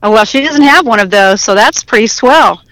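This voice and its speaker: Animated woman talking over the phone. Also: fairly high pitch, moderate pace, dry recording, poor audio. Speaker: guest on phone. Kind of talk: casual chat. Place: outdoors on a swing. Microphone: phone line.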